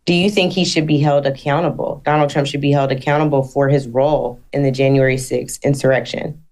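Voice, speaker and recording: A woman with a strikingly low voice asks a male guest pointed, probing questions. She presses him directly on his stance. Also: steady tone, brisk, a little mellow. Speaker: interviewer. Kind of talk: radio interview.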